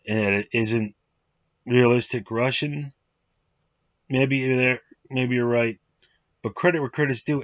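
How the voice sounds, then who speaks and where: Low-voiced man rambling through a film review. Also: fairly bright tone, dry recording. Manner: enthusiastic, rambling with many fillers. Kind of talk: casual film review monologue. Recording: dry, slightly muffled lo-fi recording.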